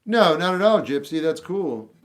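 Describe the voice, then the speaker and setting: A man's voice: a little high, lively intonation, moderate pace. A man hosting a casual livestream, reading chat questions and giving blunt, off-the-cuff opinions. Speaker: livestream host answering chat. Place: home room with a record collection.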